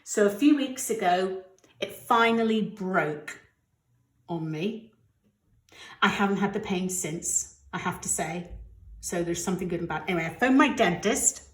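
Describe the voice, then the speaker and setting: A woman's voice: medium pitch, animated, a little slow, pauses often, roomy sound. A middle-aged woman from the UK chatting candidly in a budgeting vlog while counting cash aloud, getting emotional at times. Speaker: budgeting vlogger.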